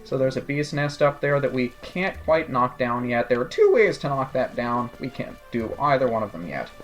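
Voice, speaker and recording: Over quiet music, this let's play commentator narrates a video game run in a casual, sarcastic way, full of joking asides. His medium-pitched voice is expressive and moves at a normal pace.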